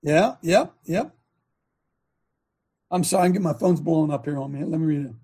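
A man's voice: fairly high pitch, normal speed, mellow, husky. A man hosting a long-running talk show, preaching emphatically with rhetorical questions.

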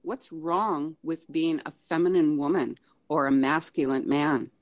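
Woman caller on a talk show, halting, full of ums. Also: deep voice, fairly even intonation. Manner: hesitant, lots of ums.

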